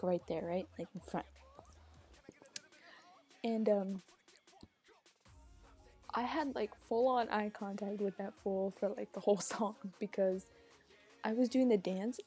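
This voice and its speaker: A young woman vlogging casually, telling a story in a rambling way with lots of fillers and animated asides. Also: mid-range voice, breathy edge.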